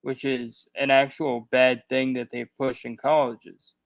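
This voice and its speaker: A man's voice: mid-range voice, flat delivery, unhurried, gravelly. A man in a casual livestream conversation, speaking heatedly and indignantly, often repeating himself. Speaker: guest co-host.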